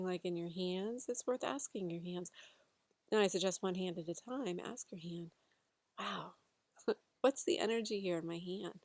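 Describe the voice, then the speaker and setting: A woman guiding a breathwork class, talking gently and unhurriedly with a few fillers. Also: mid-range voice, dry recording. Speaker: breathwork facilitator. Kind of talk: guided instruction to a class.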